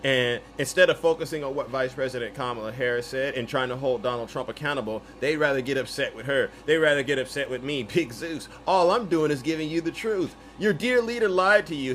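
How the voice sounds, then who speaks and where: A man hosting a fiery political commentary show, mocking and preachy, shouting to drive his points home. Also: on the high side, a little fast, hardly any pauses.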